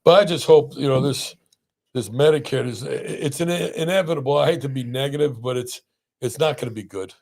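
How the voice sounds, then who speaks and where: Gravelly animated doctor host. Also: male voice, medium pitch, fairly quick. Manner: animated, acts out quoted voices. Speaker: podcast host, pain doctor. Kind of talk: casual storytelling chat.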